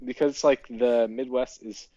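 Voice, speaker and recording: A man from Iowa, a podcast guest, chatting and telling stories with animated quoted voices. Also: medium pitch, measured pace, no echo, muffled recording. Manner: chatty storyteller, animated quoting. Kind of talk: casual podcast chat.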